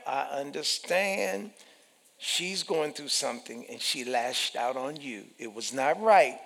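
A man preaching a sermon, emphatic and animated, repeating phrases and acting out the voices he quotes. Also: medium pitch, takes it slowly, creaky. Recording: long hall reverb.

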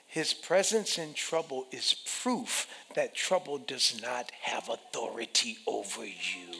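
A man preaching a sermon, emphatic and animated, repeating phrases and acting out the voices he quotes. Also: medium pitch, slow pace, vocal fry, slight background noise. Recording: long hall reverb.

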